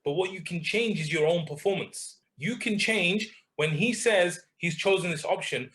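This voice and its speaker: A man's voice: high-pitched, normal speed, a bit bright. A man coaching someone in conversation, asking pointed questions and calling him bro. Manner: direct, questioning, calls listener bro.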